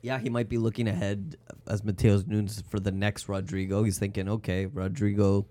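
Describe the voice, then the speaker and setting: A man co-hosting a podcast, chatting casually with dry, deadpan jokes. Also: on the low side, brisk, no room sound. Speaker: podcast co-host. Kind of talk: casual chat.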